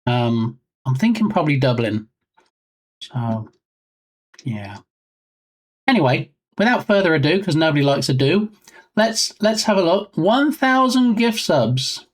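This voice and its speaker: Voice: measured pace, pauses often. A talkative streamer on a desk mic, casually chatting with viewers. The voice rises and drops a lot, and the tone stays playful and jokey throughout. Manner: chatty and joking, reading viewer names aloud; lively swings in pitch. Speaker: livestream host. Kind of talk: casual live-stream chat.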